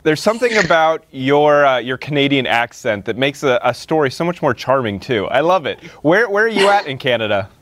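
A man's voice: medium pitch, sing-song, brisk, hardly any pauses, fairly bright tone, no echo. A male podcast host with a mid-range voice, asking questions with enthusiasm. He is recorded close up, with a dry sound. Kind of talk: interviewing.

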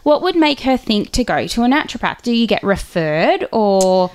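A woman's voice: a little high, big pitch swings, normal speed, darkish tone, clean tone. A woman, a podcast co-host asking curious questions in casual chat.

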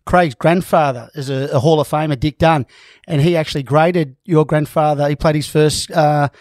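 A man presenting a club radio show in a jokey, upbeat way. His voice sits a bit high, and the mic is close and dry. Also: steady tone, normal speed, a little mellow, no echo. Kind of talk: casual sports chat.

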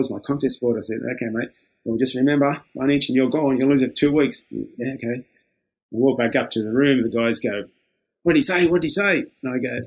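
Husky older Australian man yarning. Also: mid-range voice, a little mellow. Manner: laid-back yarning, acts out quoted exchanges, chuckles often. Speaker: interviewee, former lifeguard. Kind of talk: casual storytelling.

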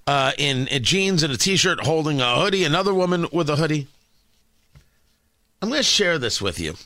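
Man, radio talk host, high lively voice, dry studio sound, emphatic, incredulous. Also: dry recording. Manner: emphatic, incredulous, rhetorical questions. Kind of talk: opinionated radio commentary. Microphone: studio microphone.

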